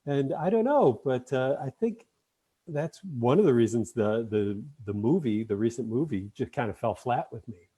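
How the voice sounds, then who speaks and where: A man guesting on a casual chat, speaking haltingly with many pauses and fillers. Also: medium pitch, expressive, warm tone, husky. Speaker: podcast guest.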